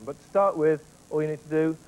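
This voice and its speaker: A man's voice: fairly high pitch, fairly even intonation, fairly quick, over loud music, rough recording. Methodical male drum instructor. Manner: clear, methodical, counts beats aloud. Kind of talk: instructional explanation with demonstrations.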